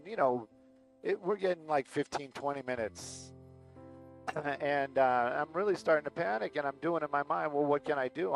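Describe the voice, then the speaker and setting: A man talks loosely into an aviation headset from a helicopter cockpit, chatting his way through a story with plenty of fillers and quoted back-and-forth. His voice sits at an ordinary middle pitch, and faint music plays underneath. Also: rough recording. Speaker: aerial news pilot and livestream host. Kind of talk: casual rambling storytelling.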